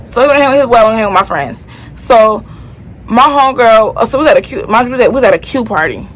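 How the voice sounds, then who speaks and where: A young woman from Florida tells a personal story in a casual storytime vlog, chatty and full of slang, often turning to her viewers. Her voice is on the high side with lively intonation and a fast pace, and the recording is rough.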